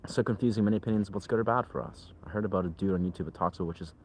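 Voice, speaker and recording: Rambling man with a lowish voice. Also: rapid-fire, slight background noise. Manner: rambling, leans heavily on filler "like". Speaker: livestreamer reading chat. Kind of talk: casual livestream chat.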